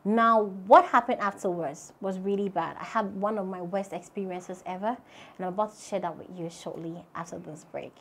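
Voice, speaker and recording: A woman with a Ghanaian accent hosting and telling her own story in an earnest, conversational way, her voice dropping soft and low at the sad parts. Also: normal speed, gravelly, noisy background. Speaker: host. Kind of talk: personal storytelling to camera.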